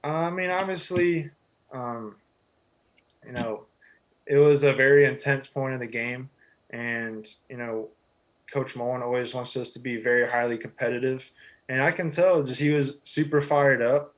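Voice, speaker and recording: A man's voice: mid-range voice, a little slow, rough recording. Easygoing young man full of fillers. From Texas. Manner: easygoing, humble, heavy on "you know" fillers. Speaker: guest, football quarterback. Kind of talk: casual interview answers.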